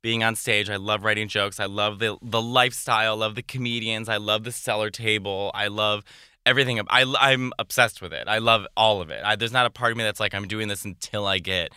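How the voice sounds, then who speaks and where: Bright-voiced man chatting eagerly. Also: fairly low pitch, a little fast, clear, resonant tone, no echo, studio quality. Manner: eager, rambling, repeats himself when excited. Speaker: stand-up comedian. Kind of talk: casual podcast chat.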